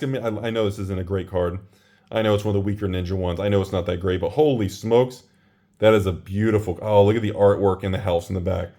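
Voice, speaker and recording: A man hosting a casual trading card box-opening video, chatty and prone to loud exclamations. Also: on the low side, steady tone, fast talker.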